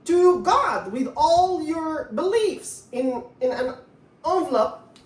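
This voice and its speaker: A woman's voice: high-pitched, expressive, slow pace, echoey room, distant mic. A woman teaching an English grammar lesson, patiently repeating words to drill the stress.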